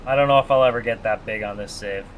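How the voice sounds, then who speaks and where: A man's voice: on the low side, quick pace, slight background noise. A man chatting casually with his live-stream audience while playing a farming game, joking and reading the chat aloud.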